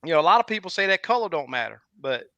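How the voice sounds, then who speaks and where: Bright-voiced fishing host. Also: male voice, fairly high pitch, very animated, racing. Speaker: fishing guide and livestream host. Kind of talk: casual livestream chat.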